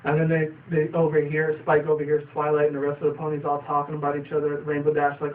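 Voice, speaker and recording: A man's voice: on the high side, monotone, fast talker, few pauses. A young man casually reviewing a cartoon episode, rambling with fillers and casual swearing. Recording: distant tinny phone-like sound, faint noise.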